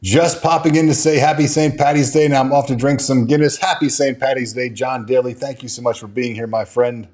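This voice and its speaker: A man's voice: mid-range voice, fairly even intonation, a little fast, hardly any pauses, a little mellow, close to an everyday voice. A man putting on a poor mock Irish accent as a cheery fellow giving a jokey holiday greeting. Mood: jolly.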